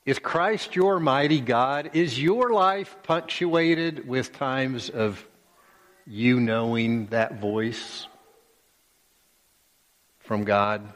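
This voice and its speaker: Man, pastor, sermon, slow emphatic delivery, echoing church hall. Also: medium pitch, fairly bright tone. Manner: slow and emphatic, with many pauses and repeated phrases. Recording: long reverb of a church hall.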